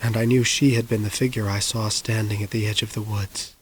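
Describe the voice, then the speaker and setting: A man narrating an audiobook in a hushed, suspenseful manner. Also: fairly low pitch, flat delivery, brisk, slightly rough, no room sound. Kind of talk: scripted narration.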